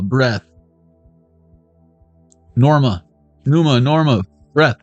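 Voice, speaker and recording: A middle-aged man chats through a card reading in a loose, joking way, tossing out quick pop-culture asides. His voice sits on the low side and sounds close and dry. Soft music plays quietly behind him. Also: no echo. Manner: playful, riffing jokes and pop-culture asides. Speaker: card reader streaming to viewers. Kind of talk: casual joking live reading.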